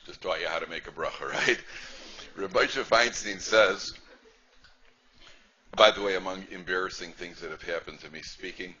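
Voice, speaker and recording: A male rabbi with a deep, pushed and bright voice gives a humorous class at a moderate pace, pausing often. He tells stories chattily, repeats phrases and keeps asking the audience "right?", captured on a dull lo-fi lecture recording with faint noise.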